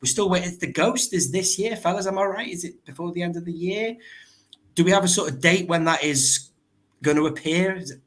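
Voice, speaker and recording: A man's voice: high voice, a little fast, a bit bright. A man hosting a casual livestream, talking into a laptop microphone in a chatty, rambling way and laughing often. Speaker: livestream host.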